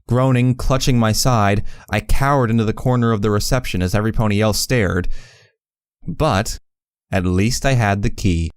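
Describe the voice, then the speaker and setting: A man narrating a fan fiction audiobook in the first person, measured and reflective. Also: lowish voice, smooth, no echo, clean studio sound.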